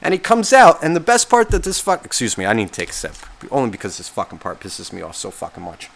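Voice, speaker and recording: Man, casual rant, sarcastic, exasperated, swears a lot, middle pitch. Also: wildly swooping pitch, quick pace, gravelly. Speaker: podcast host.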